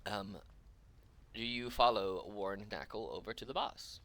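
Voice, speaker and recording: Bright-voiced man game-mastering casually. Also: lowish voice, moderate pace. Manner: casual, loose with many fillers. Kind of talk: narrating a tabletop game.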